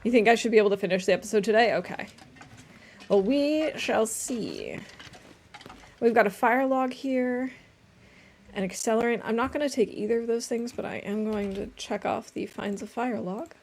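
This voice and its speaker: A woman's voice: fairly high pitch, fairly quick, darkish tone, a little hiss or hum. A woman streamer giving casual let's-play commentary while she plays, chatty and rambling with a self-amused tone.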